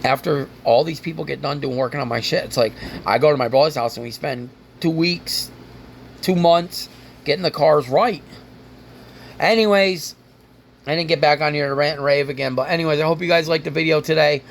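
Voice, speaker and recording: A man's voice: a little high, fairly quick, creaky, a little hiss or hum. A man hosting his own car vlog, rambling and ranting casually with frequent swearing. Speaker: car vlogger.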